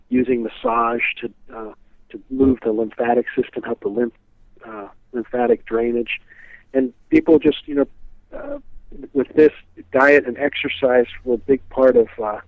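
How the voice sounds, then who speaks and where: A man's voice: mid-range voice, creaky, no room sound. Man, interview guest, phone-line sound, dry and tinny, rambling storyteller, lots of fillers. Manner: rambling, many "you know" fillers. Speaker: guest speaker on a psychic's teachings.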